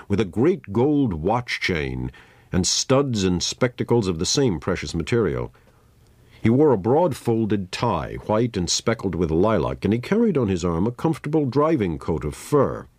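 A man reading a story aloud in a measured, dramatic manner. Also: lowish voice, very animated, a little mellow, no echo. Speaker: narrator. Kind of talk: scripted story narration.

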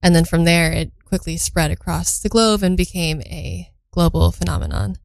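A woman's voice: on the low side, lively intonation, moderate pace, vocal fry, dry recording, poor audio. A young woman from Belgium hosting a casual radio show, chatting between songs and thinking aloud as she reads facts for the first time.

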